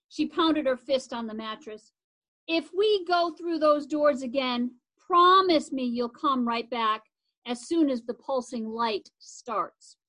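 A woman puts on a homesick big-sister girl, her voice lifted high and shaky with tears. She pleads slowly, as if barely holding herself together. The girl sounds young and heartbroken in this storybook reading. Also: a bit bright, exaggerated voice. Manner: sobbing, pleading.

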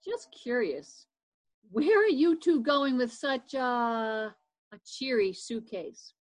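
A polite young neighbor boy speaks in a slightly high, earnest, well-mannered voice, as a woman reading a storybook puts him on. He sounds formal for his age. The sound is close and dry. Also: animated, slow, no room sound, faint music behind. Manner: courteous and a little formal. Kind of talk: reading a children's chapter book aloud.

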